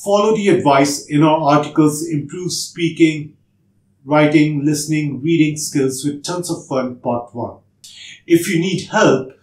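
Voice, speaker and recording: A man giving an earnest, methodical test-prep lesson as a tutor, with a promotional pitch at times. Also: darkish tone, roomy sound. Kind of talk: instructional narration.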